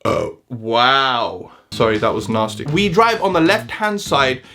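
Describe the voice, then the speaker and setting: A man from the UK with a London-leaning British accent, talking to camera in a joking, animated vlog. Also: fairly high pitch, normal speed, soft background music. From United Kingdom. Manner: animated, joking, talks straight to viewers. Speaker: vlogger. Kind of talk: casual vlog monologue.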